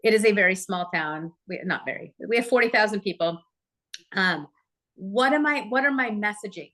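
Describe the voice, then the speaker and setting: Chatty woman teaching a live audience. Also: mid-range voice. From Oregon, USA. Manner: chatty, lively, asks the audience questions. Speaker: real estate trainer. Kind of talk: live training talk.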